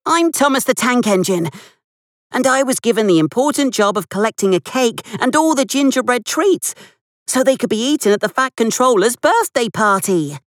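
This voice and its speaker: A storyteller voicing a friendly, eager young male tank engine in a bright storybook voice. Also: medium pitch, animated, normal speed, dry recording, studio quality, voice pushed up, natural voice. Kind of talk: storybook read-aloud.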